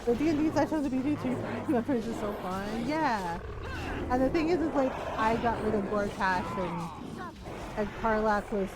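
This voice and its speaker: A woman streams a game and chats casually to her viewers. She gushes and laughs a lot, swears freely, and her voice sits a little on the high side. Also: normal speed, heavy background noise. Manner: animated, gushing, laughs often, swears casually.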